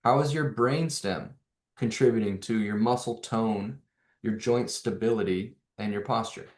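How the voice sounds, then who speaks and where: A man with a lowish, darkish voice talks in an unhurried way, and the recording is reverberant. As a neuro coach presenting to hosts, he explains neurology in an animated manner, leaning on rhetorical questions and gaining energy as he goes.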